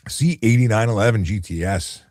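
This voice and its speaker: A man, a traffic cop, hosting a relaxed late-night live chat and answering viewer questions in an easygoing way, often repeating words as he restarts. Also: fairly low pitch, fairly quick, dry recording, clean studio sound. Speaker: traffic cop and livestream host.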